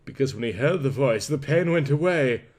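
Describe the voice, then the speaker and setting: A man reading a pulp story aloud in a lively, expressive narration. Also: mid-range voice, normal speed. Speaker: story reader.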